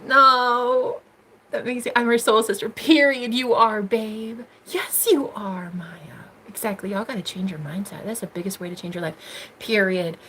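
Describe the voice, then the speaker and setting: This medium-pitched, slightly rough female voice moves at a moderate pace. It belongs to a young woman from the United States hosting a laid-back livestream, chatting through comments with giggles and teasing, her volume swinging between squeals and murmurs in a bubbly way.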